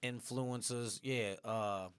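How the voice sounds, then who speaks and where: A man's voice: medium pitch, steady tone, slow, clean tone. A man co-hosting a casual comedy podcast, talking loosely and profanely, calling people bro. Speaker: comedian co-host. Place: podcast studio.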